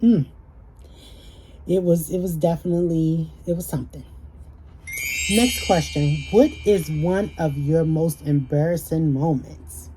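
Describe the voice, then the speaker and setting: A woman's voice: sits low, a little slow, pauses often, over music, rough recording. A young woman, chatting with viewers in a casual Q&A vlog and telling stories. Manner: chatty, storytelling, addresses viewers as y'all. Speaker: YouTuber.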